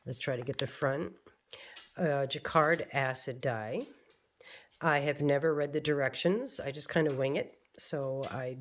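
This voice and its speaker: An American woman chatting casually in a crafting vlog, rambling and self-deprecating, chuckling at her own attempts. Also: low-pitched. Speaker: crafting vlogger. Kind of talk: casual chat.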